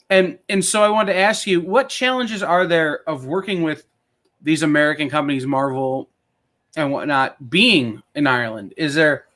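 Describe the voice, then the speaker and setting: A man hosts an online interview, putting short, friendly questions to his guest over a video call. His voice sits a little higher than most men's. He speaks casually. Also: sharp tone. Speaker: interview host.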